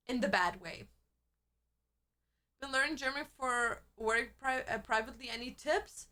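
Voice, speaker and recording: A woman's voice: high voice, animated, moderate pace, bright, forceful tone. A young woman streamer in casual livestream chat, talking in a chatty, crude way with lots of "like" fillers.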